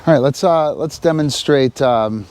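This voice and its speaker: A man's voice: mid-range voice, measured pace, darkish tone, faint music behind. A man explaining dog training step by step while giving his dog short cues and praise. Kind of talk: hands-on training demonstration.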